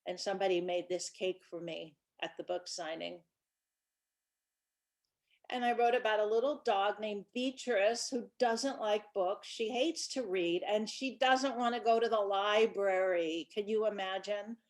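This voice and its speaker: A woman's voice: mid-range voice, a little slow. A woman who writes children's books, talking casually and chattily about her books, with small restarts. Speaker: children's book author.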